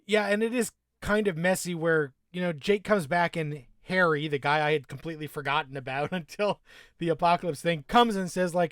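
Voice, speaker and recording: A man's voice: a little high, normal speed, a bit bright, no room sound, studio quality. A man co-hosting a podcast, talking in a casual, sarcastic way with lots of swearing and laughter. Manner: profane, sarcastic, laughs often. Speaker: podcast co-host. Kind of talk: casual chat.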